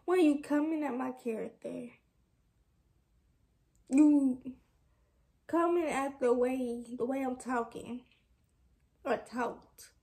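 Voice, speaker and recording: Young woman, high voice, casual vlog, frustrated, rambling venting. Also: dark tone. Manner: frustrated, candid, rambling with restarts. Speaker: vlogger.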